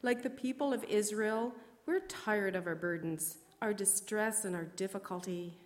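A woman's voice: medium pitch, moderate pace, slight background noise. A woman reads a responsive prayer aloud to a congregation in a solemn manner. Faint ambience of the room sits behind her voice. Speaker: worship leader.

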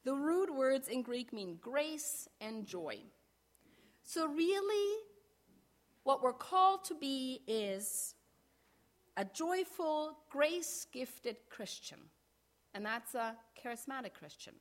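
A middle-aged woman pastor giving a sermon in a measured way, slowing down to stress key phrases. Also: high-pitched, animated.

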